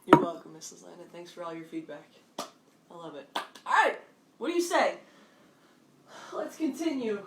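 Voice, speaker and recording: Encouraging woman fitness coach, echoey room. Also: mid-range voice. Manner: upbeat, encouraging, calls out steps and counts. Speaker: fitness instructor. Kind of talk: live online workout class. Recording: roomy echo, distant mic, faint background noise.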